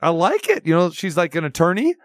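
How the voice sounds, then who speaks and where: A man's voice: high-pitched, big pitch swings, a little fast, dry recording, studio quality. A man hosting a casual chat show, playful and teasing. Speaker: show host.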